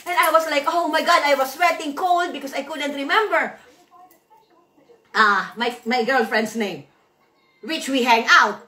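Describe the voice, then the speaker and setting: Woman vlogger, high bright voice, rambling storyteller who repeats her words, recorded from a distance in an echoey room. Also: a little slow, pauses often. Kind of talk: casual storytelling to viewers.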